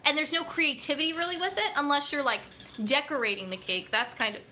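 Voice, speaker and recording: Woman, casual livestream host, bright tone, slightly high voice, rambling chatty delivery. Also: sing-song, fairly quick, a little hiss or hum. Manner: chatty, rambling with many fillers. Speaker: nutrition coach hosting a livestream. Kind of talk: casual live chat. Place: home room set up for filming. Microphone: camera on a tripod.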